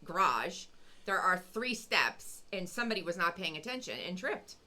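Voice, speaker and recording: A woman's voice: lowish voice, sing-song, normal speed, pushed and bright. A woman co-hosting a podcast, cutting in with dry corrections and clarifications. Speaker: podcast co-host. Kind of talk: casual chat.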